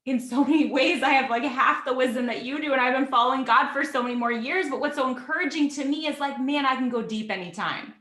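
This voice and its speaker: Female host, bright and slightly high, effusive and halting; roomy echo. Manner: effusive, gushing with praise, halting restarts. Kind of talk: interview conversation.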